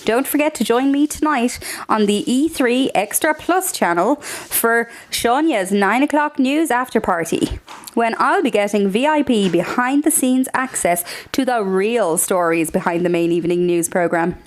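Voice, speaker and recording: A man's voice: very high voice, normal speed, pitched above the performer's own voice. A man voicing a chirpy female TV news presenter with breezy broadcast sign-off patter.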